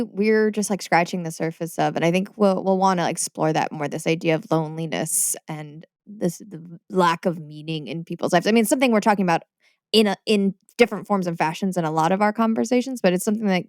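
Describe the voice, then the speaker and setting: A woman's voice: on the low side, quick pace, darkish tone, no echo, clean studio sound. A woman co-hosting a podcast, talking in a chatty way and laughing easily. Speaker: podcast co-host. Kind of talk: casual podcast chat.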